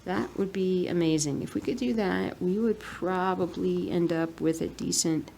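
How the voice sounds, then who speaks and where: A cross-stitch vlogger in her thirties chats through a relaxed stitch-along, soft-spoken and rambling, sometimes murmuring to herself as she works. Her low voice has a gravelly edge, her intonation stays fairly even, and she talks at a normal speed. A faint hiss of room noise sits underneath.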